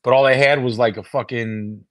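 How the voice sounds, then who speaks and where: An American streamer rambles casually to his viewers on a phone, swearing constantly, repeating words and restarting sentences. His mid-range voice has fairly even intonation and a moderate pace. The sound is clean studio quality with no room sound.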